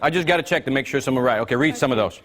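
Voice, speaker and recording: A man's voice: medium pitch, very fast, a bit bright. A man running a live interactive business workshop, energetically quizzing his audience. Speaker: workshop trainer.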